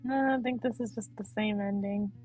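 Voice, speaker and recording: A young woman streaming a horror game, reading the text aloud and reacting with laughs, in an animated, husky voice. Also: medium pitch, normal speed, soft background music, poor audio.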